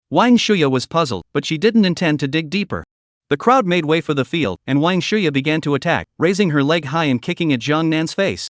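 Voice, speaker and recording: Man reading a comic recap, bit high voice, dry close mic. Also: animated, moderate pace, dry recording. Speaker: recap narrator. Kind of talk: scripted story narration.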